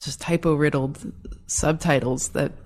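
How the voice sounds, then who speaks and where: A woman, the show's creator, chatting in an animated, rambling way and laughing often as an interview guest. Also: low voice, unhurried. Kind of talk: casual chat.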